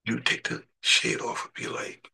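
A man preaching a sermon and leading a prayer, impassioned, surging from hushed to shouting. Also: moderate pace, distant mic.

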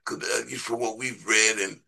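A man's voice: fairly low pitch, flat delivery, measured pace, gravelly, bright, forceful tone. A man preaching a sermon in a conversational way, repeating words and putting questions to his listeners.

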